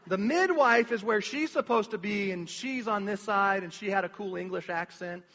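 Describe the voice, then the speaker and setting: A man shares a personal testimony before a congregation, with a bright, forceful voice. He rambles and restarts often, then acts out quoted lines with energy. The recording is dull and muffled, with long reverb from a church hall. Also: sits high, normal speed. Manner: rambling storytelling with many restarts and filler words. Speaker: church speaker sharing a testimony.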